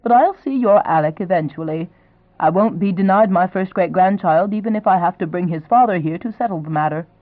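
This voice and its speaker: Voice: mid-range voice, brisk, no echo, lightly acted. Romance audiobook: a reader doing a polite, persistent old duchess. Thin, narrow sound, dry. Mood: genteel. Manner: genteel, pleasantly insistent. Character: elderly duchess grandmother, gracious, persistent.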